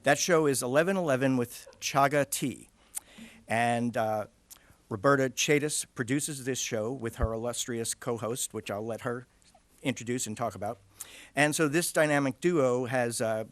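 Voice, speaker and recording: A man's voice: medium pitch, moderate pace, no echo. A man with a mid-range voice presents awards at a studio event. He reads the introductions with jokey asides.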